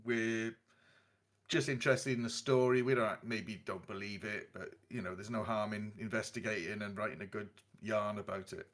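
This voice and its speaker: A man's voice: fairly low pitch, fairly even intonation, moderate pace, fairly bright tone. A man playing a tabletop game, chatting casually and playfully in character. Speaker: player.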